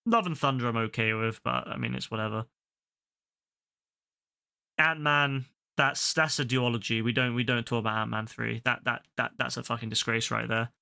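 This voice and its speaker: Young man, gaming streamer; bright, sharp voice; heated profane ranting. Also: mid-range voice, steady tone, moderate pace, vocal fry. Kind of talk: casual rant while gaming.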